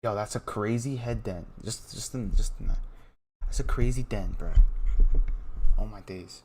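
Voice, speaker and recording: A young man giving casual live reaction commentary on a penalty shootout, excitable and repeating himself, sometimes trailing off into quiet awe. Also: fairly low pitch, normal speed, a little hiss or hum. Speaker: watch-along streamer.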